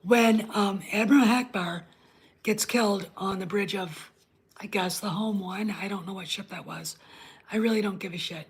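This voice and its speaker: This woman's voice is husky and medium-pitched, moving at a normal speed. On her own online show she goes on a casual, blunt livestream rant, swearing a lot and addressing her live chat directly.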